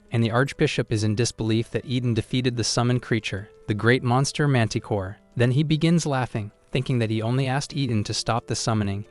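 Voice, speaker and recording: A man narrating a story recap in a steady storytelling style. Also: medium pitch. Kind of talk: scripted narration.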